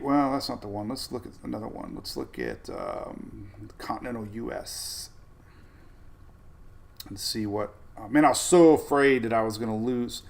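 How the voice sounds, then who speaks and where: A man's voice: mid-range voice, gravelly. A man hosting a live weather stream, chatting casually, reading viewer comments and rambling with frequent laughs. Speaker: weather livestream host. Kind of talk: casual livestream chat.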